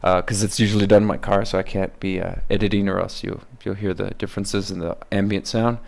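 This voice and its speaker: A man's voice: fairly low pitch, little pitch movement, fast, gravelly, a little mellow. A man talking casually about how he makes his voice videos, hesitant with many fillers. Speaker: voice-impression creator. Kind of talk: casual behind-the-scenes commentary.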